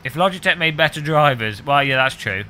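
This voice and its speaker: A British man chatting casually with viewers on a game stream, rambling and cracking deadpan, absurd jokes. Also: a little high, fairly quick, a little hiss or hum. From United Kingdom. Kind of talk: casual live-stream chat.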